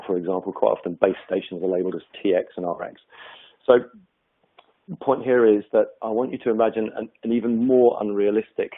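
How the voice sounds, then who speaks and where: A man's voice: fairly low pitch, fairly even intonation, fairly quick, slightly rough. A man presenting a webinar on communication in a conversational manner, with many fillers and restarts. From United Kingdom. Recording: tinny phone-like webinar audio.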